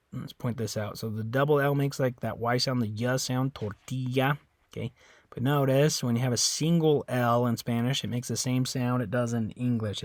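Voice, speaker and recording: Casual male teacher, mid pitch, relaxed self-correcting delivery, dry sound. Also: no echo. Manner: casual, repeats words slowly, frequent okays and self-corrections. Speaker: Spanish teacher. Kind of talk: informal classroom explanation.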